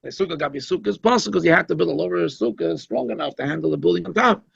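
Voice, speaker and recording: A man's voice: fairly high pitch, racing, gravelly, husky, no room sound. A man, a rabbi, giving an informal, conversational Chassidic talk at a holiday gathering, emphatic and given to asides. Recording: dull, lo-fi recording.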